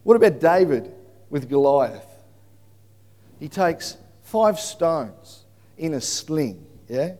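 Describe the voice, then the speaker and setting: A man preaching a sermon in an animated storytelling manner that bursts into shouting. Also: fairly high pitch, slow, pauses often. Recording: long hall reverb.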